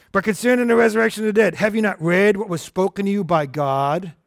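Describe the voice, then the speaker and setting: Earnest high-voiced male Bible teacher. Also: normal speed, vocal fry, dry recording, studio quality. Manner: earnest, conversational, asks the listeners questions. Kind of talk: sermon.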